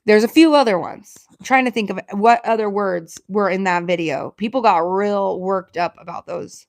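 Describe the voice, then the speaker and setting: A woman with a Southern Alabama accent, chatting casually with viewers on a livestream. She talks quickly, running her words and sounds together. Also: mid-range voice, vocal fry, dry recording. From Alabama, USA. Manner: chatty and self-deprecating. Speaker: livestream host. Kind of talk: casual live-stream chat with viewers.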